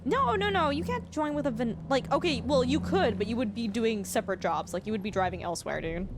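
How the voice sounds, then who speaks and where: A woman's voice: fairly high pitch, lively intonation, a little fast, background noise. A young Canadian woman chatting casually to her stream while playing a game, often checking how she says place names. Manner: chatty, laughing, questioning her own pronunciation. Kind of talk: casual livestream chat while gaming.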